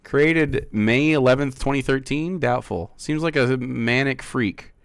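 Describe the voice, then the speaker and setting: A man's voice: mid-range voice, a little slow, vocal fry, clear, resonant tone, no room sound. A male streamer in casual live-stream chat, sarcastic and mocking as he argues with viewers.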